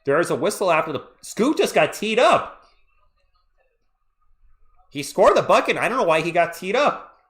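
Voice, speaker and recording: A man hosting a live play-by-play stream, calling the action and chatting with viewers in an excitable, jokey way. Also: sits high, normal speed, long pauses. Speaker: livestream play-by-play host. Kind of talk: live play-by-play with chat reactions.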